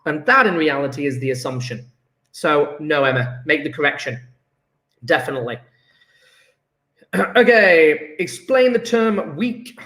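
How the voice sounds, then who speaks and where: A man's voice: fairly high pitch, expressive, a little slow, long pauses, bright, forceful tone. A man, a chemistry teacher reviewing homework in a classroom, chatty and enthusiastic, thinking aloud as he works through answers. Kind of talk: recorded homework review lesson. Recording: echoey room.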